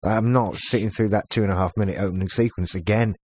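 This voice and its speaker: A man's voice: lowish voice, fairly even intonation, fast talker, darkish tone. A man co-hosting a casual chat show, wry and joking. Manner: wry, joking, trivia-minded. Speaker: podcast co-host.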